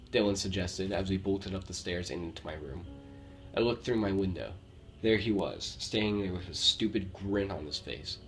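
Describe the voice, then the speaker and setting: A man from Romania with a Romanian accent, reading true scary stories aloud with a steady storytelling delivery and the odd slip. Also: deep voice, normal speed. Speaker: horror story narrator. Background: faint background music.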